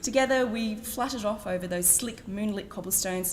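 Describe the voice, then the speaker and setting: A woman's voice: fairly low pitch, normal speed, a little hiss or hum. A middle-aged Australian woman with an Australian accent, reading her own blog aloud at a book event in a wry, self-mocking way. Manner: wry, self-mocking, laughs between phrases. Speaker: author. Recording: long reverb in a hall.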